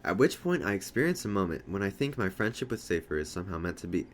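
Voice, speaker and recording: A man's voice: low-pitched, very animated, fast talker, a little hiss or hum. A man reading a novel aloud, telling it plainly in the first person. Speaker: audiobook reader.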